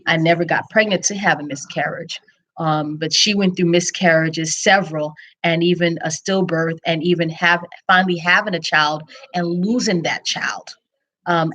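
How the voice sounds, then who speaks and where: A woman candidly telling her personal story of infertility and faith, reflective, with frequent pauses and restarts. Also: sits low, fairly bright tone, low-quality recording. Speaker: speaker sharing her story. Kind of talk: personal testimony, casual storytelling.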